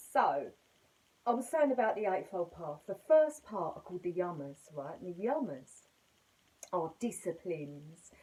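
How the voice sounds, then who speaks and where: A woman's voice: medium pitch, a little mellow, low-quality recording. A middle-aged woman talks through a casual yoga lesson at home. She rambles happily and keeps poking fun at herself as she explains. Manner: chatty, self-mocking, rambling. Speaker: yoga teacher.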